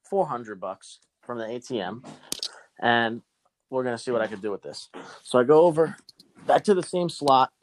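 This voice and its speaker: A man's voice: mid-range voice, no room sound. Profane man telling a casino story. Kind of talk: casual storytelling chat.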